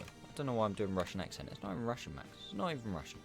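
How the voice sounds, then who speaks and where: A man's voice: lowish voice, big pitch swings, fast, vocal fry, faint music behind. A man giving chatty, upbeat and self-mocking commentary over his own game footage as a gaming YouTuber. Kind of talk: gameplay commentary.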